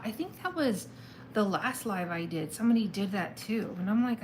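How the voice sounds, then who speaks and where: A woman's voice: mid-range voice, animated, normal speed, a little hiss or hum, low-quality recording. Chatty woman doing a tarot reading. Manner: chatty, thinks aloud, exclaims at the cards. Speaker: tarot reader. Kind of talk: casual live tarot reading.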